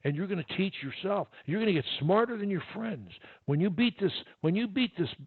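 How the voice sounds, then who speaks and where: A man's voice: sits high, lively intonation, a little fast, husky, no echo. A man coaching one-on-one over a video call, encouraging and repeating his key points. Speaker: speech coach. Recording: tinny, dry phone-like line.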